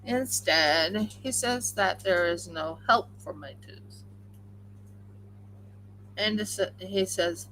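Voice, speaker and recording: A woman's voice: fairly low pitch, slow pace, long pauses, pushed and bright, slight background noise, poor audio. A woman hosting a crafting livestream, chatting casually and rambling with many fillers while she crochets at home.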